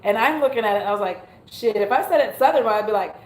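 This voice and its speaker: A woman's voice: on the high side, animated, fairly quick. A young woman is talking casually on her livestream at home. She giggles often, pokes fun at herself and swears freely. Her voice carries a roomy echo. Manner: giggly, self-mocking, swears freely, goofs on words. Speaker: beauty YouTuber hosting a livestream.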